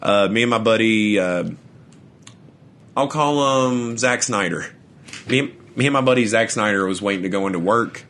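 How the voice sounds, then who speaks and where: A young podcast co-host with a lowish, fairly bright voice tells rambling stories at a moderate pace in casual chat. He laughs through his own tales and keeps stammering and restarting.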